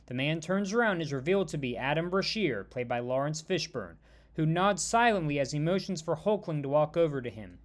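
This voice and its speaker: A man narrating a fan-made superhero story in a steady, scripted storytelling manner. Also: fairly high pitch, brisk.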